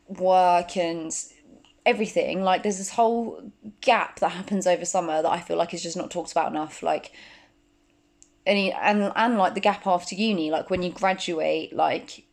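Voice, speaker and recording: A woman in her twenties talking casually to camera as a vlogger, full of fillers and quick asides. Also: on the low side. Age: 20s. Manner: chatty, many fillers like "like". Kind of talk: casual chat.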